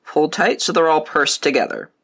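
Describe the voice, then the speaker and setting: A man giving a calm, methodical step-by-step beading tutorial. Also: on the high side, moderate pace. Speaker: beading instructor.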